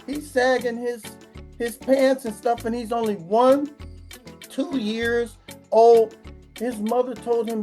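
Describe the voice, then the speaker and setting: A woman's voice: a little high, steady tone, takes it slowly, mellow, soft background music. A woman vlogger delivering a profane comedic rant, swearing constantly and acting out the people she complains about. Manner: crude, swearing, acts out quoted voices.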